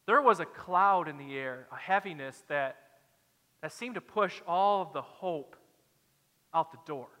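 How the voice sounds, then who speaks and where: A man's voice: fairly high pitch, expressive, a little slow, bright, forceful tone, long reverb tail. A man preaching a sermon as a pastor, dramatic and acting out the quoted lines.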